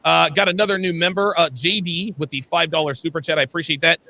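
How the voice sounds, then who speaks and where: A man hosting a casual livestream panel, reading out viewer messages and reacting loudly and excitably, swearing freely. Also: a little high, fast talker. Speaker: livestream host reading super chats.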